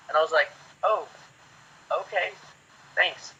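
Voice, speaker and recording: Man, 40s, actor guest, lively anecdotes, sharp bright tone, muffled recording. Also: on the high side, a little fast, slightly rough. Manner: lively, chatty, acts out quotes. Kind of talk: casual anecdote storytelling. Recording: dull lo-fi sound.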